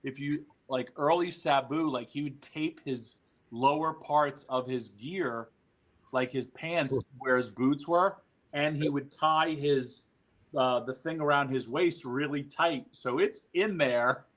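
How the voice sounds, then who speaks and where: A man telling wild stories as a podcast guest, animated and swearing freely. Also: medium pitch, slow pace, poor audio. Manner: animated, profane storyteller. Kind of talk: podcast storytelling.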